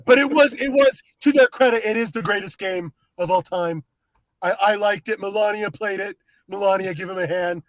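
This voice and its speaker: A boastful older politician who can't stop calling everything the greatest, as a man puts him on. The voice sits high and the sound is close and dry, with no room around it. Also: normal speed, no echo, lightly acted, rough recording. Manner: bragging, repetitive superlatives.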